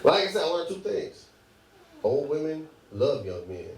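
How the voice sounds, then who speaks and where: A young man from Michigan performing a stand-up comedy set in a club, animated and laughing through his jokes. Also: on the high side, measured pace. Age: young adult. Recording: echoey room, far mic, loud crowd.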